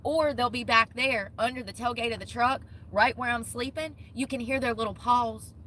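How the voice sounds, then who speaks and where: Brief: young woman vlogger, ranting and cussing, bright and forceful tone, faint vehicle noise behind. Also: on the high side, fairly even intonation, normal speed. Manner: indignant, profane, quotes people in short bursts. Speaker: van-life vlogger. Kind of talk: ranting vlog storytime.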